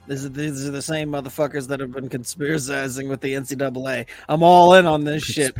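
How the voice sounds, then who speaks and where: A man co-hosting a sports podcast, ranting loudly and excitedly with lots of swearing. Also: mid-range voice, a little fast, few pauses, no room sound, soft background music. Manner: loud, profane, excitable ranting. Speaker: podcast co-host. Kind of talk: casual sports chat.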